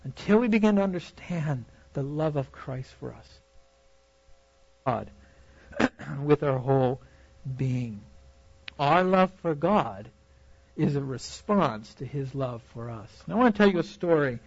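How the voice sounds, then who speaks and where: A young man preaching at a youth conference, telling a Bible story in an animated way and acting out reactions with laughter. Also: fairly high pitch, a little slow, long pauses, slightly rough, dry recording, muffled recording. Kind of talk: preaching a sermon.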